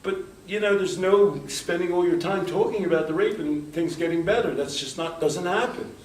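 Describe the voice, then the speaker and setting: His voice sits high and a little mellow, moving at normal speed, as the American man delivers a loose, conversational workshop talk full of anecdotes and acted-out quotes. A distant microphone in the hall gives the workshop-room recording a roomy feel.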